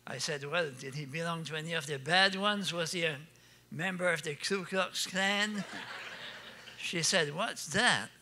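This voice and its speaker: An older man with an Acadian French accent tells jokes on stage in a folksy way. His voice sits high and sounds very bright and forward. He laughs at his own punchlines. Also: a little slow. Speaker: storyteller. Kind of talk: comic storytelling on stage.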